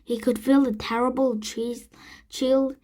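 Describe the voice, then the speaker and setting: Brief: woman reader, slow and halting, storybook read-aloud with self-corrections. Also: sits high, flat delivery, dark tone, poor audio. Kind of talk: reading a children's book aloud.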